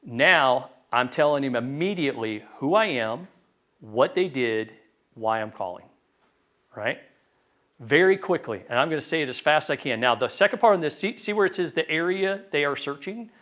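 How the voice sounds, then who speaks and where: A man giving a live sales training talk to a room, lively and conversational, acting out phone calls in quick voices. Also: on the high side. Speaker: real estate sales trainer. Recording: dull lo-fi sound.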